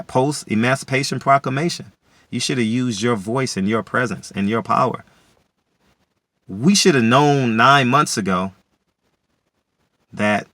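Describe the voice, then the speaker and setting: Boastful man with a bright, tense voice. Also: a little high, dry recording. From DC area, USA. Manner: boastful, repetitive, bursts into loud shouts. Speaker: vlogger and boxing commentator. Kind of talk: opinionated solo commentary.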